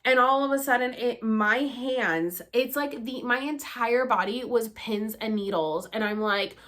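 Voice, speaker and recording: A woman's voice: a little high, a little slow. Young woman vlogger telling a story casually. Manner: animated, swears freely, fillers like "like".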